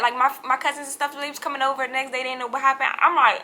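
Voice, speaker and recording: A young woman telling a storytime vlog to her viewers in an animated, chatty way, acting out what other people said. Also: sits high, quick pace. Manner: acts out other people's lines in quotes. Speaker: vlogger.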